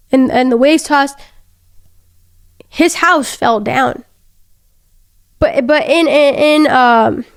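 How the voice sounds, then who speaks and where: A woman's voice: sits high, no room sound, clean studio sound. A young woman hosting a faith podcast, retelling a Bible story in casual, earnest talk with many fillers and restarts.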